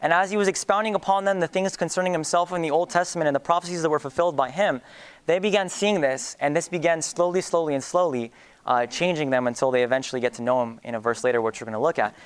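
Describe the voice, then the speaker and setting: A man's voice: on the high side, quick pace, clean tone. A young man preaching a sermon in an earnest way, with many fillers and restarts.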